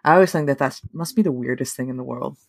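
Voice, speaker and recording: A woman's voice: extremely low pitch, fast talker, vocal fry, no echo, clean studio sound. A woman taking part in a casual podcast discussion, eagerly jumping in over the others. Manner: enthusiastic, jumps in over others.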